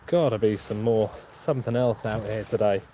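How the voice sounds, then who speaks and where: A man with a Norfolk accent hosts a live stream from an open field, talking casually and answering his viewers' chat. His voice sits fairly low. Clear outdoor noise, with birds and a passing vehicle, runs under him. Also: normal speed, warm tone. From Norfolk, England. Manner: chatty, answers viewer chat, chuckles often. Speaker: metal detecting channel host.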